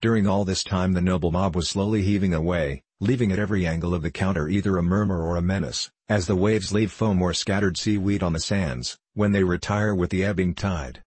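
A man narrating a classic novel as an audiobook in a measured, even reading. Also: deep voice, slightly rough, dry recording.

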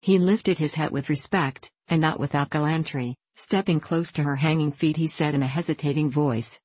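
A woman narrating a classic novel in a measured reading voice, voicing each character with small shifts. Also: deep voice, fairly even intonation, a little mellow, breathy edge, no room sound. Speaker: audiobook narrator.

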